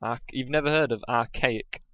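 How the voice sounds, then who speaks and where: A man's voice: mid-range voice, normal speed. Jokey man, lo-fi gaming chat. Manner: jokey, laughs often, plays with silly voices. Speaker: let's play co-host. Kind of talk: casual gaming banter. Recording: dull lo-fi sound with faint music.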